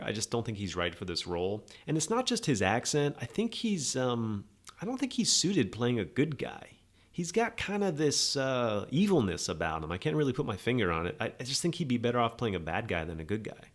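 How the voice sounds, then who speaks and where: A man hosting a podcast, giving a rambling, sarcastic, opinionated movie review in a casual monologue. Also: lowish voice. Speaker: podcast host.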